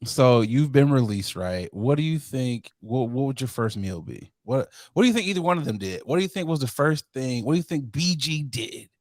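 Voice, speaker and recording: Give me a male podcast co-host, animated and laughing, with a dry close-mic sound. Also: medium pitch, normal speed, hardly any pauses, no room sound. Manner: animated, laughs a lot, acts out quotes in put-on voices. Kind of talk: casual chat.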